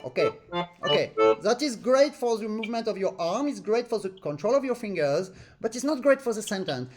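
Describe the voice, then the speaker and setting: A man's voice: high-pitched, sing-song, brisk, a little mellow, soft background music. A man teaching an online accordion master class over a video call, in non-native English. He sings syllables to show the phrasing. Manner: explains with sung syllables to demonstrate phrasing.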